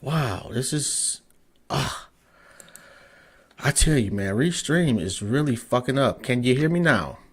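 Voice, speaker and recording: A podcast host with a husky, mid-range voice and lively intonation interviews a guest over a remote call, speaking slowly with long pauses. He's loose and profane, frustrated by tech trouble, and keeps checking whether his guest can hear him.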